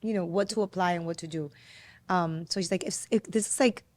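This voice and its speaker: A woman's voice: fairly low pitch, brisk, no echo. Storytelling woman podcast host, dry sound. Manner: storytelling, animated when quoting her son. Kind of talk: casual podcast conversation.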